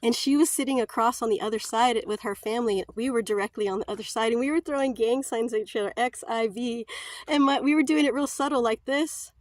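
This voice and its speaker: A woman's voice: on the high side, quick pace, dry recording. A chatty woman, telling stories in a casual vlog and laughing often. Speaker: vlogger.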